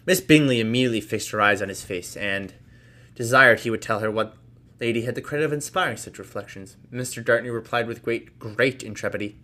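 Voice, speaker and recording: Guy reading an old novel out loud, fast, drops in little offhand comments. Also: mid-range voice. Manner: brisk, with casual asides. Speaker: reader. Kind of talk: reading a classic novel aloud.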